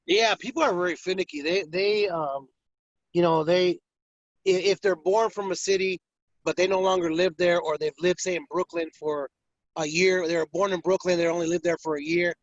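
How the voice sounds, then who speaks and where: A man's voice: sits high, normal speed, no room sound. A man who works as a boxing ring announcer, telling stories in a casual interview and acting out other people's voices. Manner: animated storyteller, acts out fighters' voices. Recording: dull, dry lo-fi audio.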